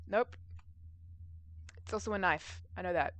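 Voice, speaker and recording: A woman streamer chatting casually and making quick asides while reading a story game aloud. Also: lowish voice, fairly bright tone.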